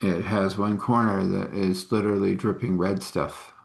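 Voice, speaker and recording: A man's voice: low voice, level tone, normal speed, vocal fry. A man casually telling a story, rambling with conversational asides.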